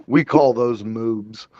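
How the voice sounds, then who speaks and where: A man's voice: medium pitch, darkish tone, dry recording. A man hosting a casual podcast, talking about cars in a rambling way and laughing often. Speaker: podcast host. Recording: dull lo-fi recording.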